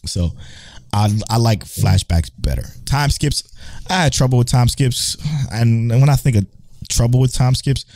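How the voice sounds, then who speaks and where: A man's voice: mid-range voice, a little slow, a little mellow, no echo. A man co-hosting a podcast in casual chat, swearing freely, laughing often and restarting his sentences. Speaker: podcast co-host.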